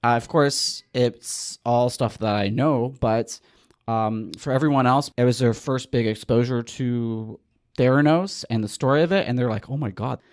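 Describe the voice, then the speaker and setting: A man's voice: mid-range voice, unhurried, darkish tone, dry recording, clean studio sound. A man hosting a podcast, chatting casually and telling stories with a wry edge. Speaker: podcast host.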